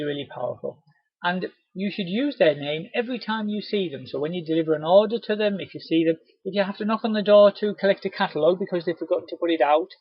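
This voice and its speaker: A man presenting a live training webinar, chatty and encouraging, with a husky voice. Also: a little high, dry recording. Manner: chatty, encouraging, acts out cheery doorstep greetings. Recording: dull, lo-fi webinar audio.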